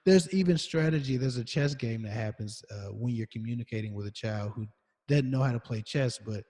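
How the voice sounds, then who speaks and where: This podcast co-host chats casually, spinning relaxed, rambling stories peppered with fillers and restarts. His slightly husky, mid-range voice moves fairly quickly, and each phrase fades into a long, echoing reverb.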